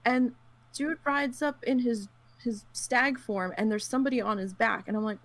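A woman chatting casually about gaming, telling her stories with animated quotes and a lot of fillers. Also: fairly high pitch, normal speed. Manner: animated storyteller who acts out quotes; frequent fillers and laughs.

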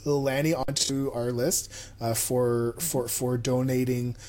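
A man's voice: mid-range voice, level tone, unhurried, a little mellow. A man hosting a podcast, talking in a loose, casual way. He rambles and often pokes fun at himself. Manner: rambling and self-deprecating. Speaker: podcast host. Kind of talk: casual chat.

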